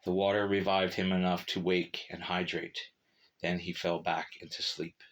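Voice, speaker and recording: A man narrating a short story in a measured, steady reading. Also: deep voice.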